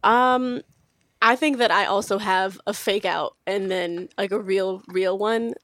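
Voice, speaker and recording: A woman's voice: mid-range voice, fairly even intonation, unhurried, fairly bright tone, dry recording. A woman co-hosting a podcast, chatting casually with wry, teasing remarks. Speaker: podcast co-host. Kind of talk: casual chat.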